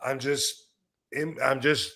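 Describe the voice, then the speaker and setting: Male stream host, mid-pitched, talking loosely and bluntly with crude humor and lots of filler. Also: steady tone, takes it slowly, pushed and bright. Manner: rambling and blunt, with crude jokes and many fillers. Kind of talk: casual live-stream chat.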